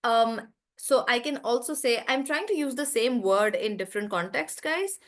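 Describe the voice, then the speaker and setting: A woman's voice: on the high side, normal speed. A young woman with an Indian English accent teaching an online English class, chatty, giving example sentences and stories.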